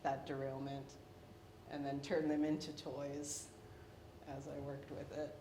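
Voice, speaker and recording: A woman's voice: flat delivery, a little slow. Wry young woman in an echoey room. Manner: wry, self-deprecating, laughs between points. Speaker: artist presenting her paintings. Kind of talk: artist talk about her work. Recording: echoey room with faint rumble.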